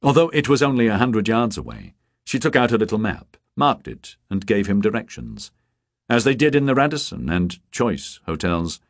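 A man narrating a novel as an audiobook, measured and expressive. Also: lowish voice, dry recording, clean studio sound. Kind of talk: scripted narration.

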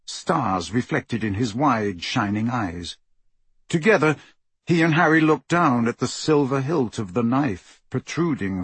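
Male audiobook narrator, very breathy and husky, measured and somber, close dry mic. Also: mid-range voice, no echo.

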